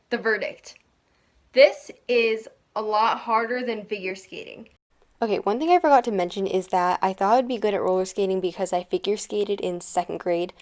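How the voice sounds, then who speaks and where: With a mid-range, darkish voice, a teen vlogger provides relaxed voice-over for her video. Her tone is talkative, teasing, and self-deprecating.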